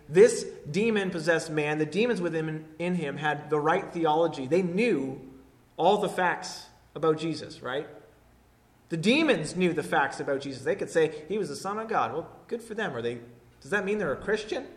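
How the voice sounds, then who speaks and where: A man preaching a sermon, moving between hushed, intimate lines and loud, forceful declarations. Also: on the high side. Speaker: pastor.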